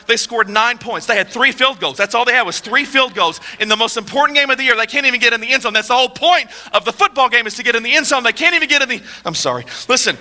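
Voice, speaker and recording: Pastor guy preaching, high bright voice, jokey asks the crowd questions, long echo like a big church. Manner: conversational preaching with rhetorical questions and humor. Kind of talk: sermon. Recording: long hall reverb.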